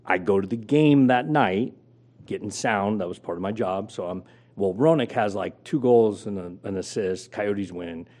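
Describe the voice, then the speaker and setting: A man's voice: lowish voice, moderate pace, darkish tone. A middle-aged man telling a career story as an interview guest, acting out quotes with big jumps in his voice. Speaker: guest, former sports radio host.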